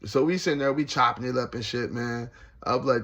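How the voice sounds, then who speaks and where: A man spins a casual, slang-heavy story from his time inside, animated and quick to laugh. His mid-pitched voice is gravelly, with a husky, grainy edge. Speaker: former prisoner telling his story.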